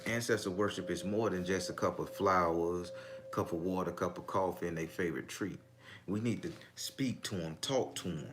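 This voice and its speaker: A middle-aged man, telling family stories and preaching in a casual, profane way. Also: deep voice. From Southern US. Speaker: spiritual vlogger. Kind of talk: casual spiritual talk.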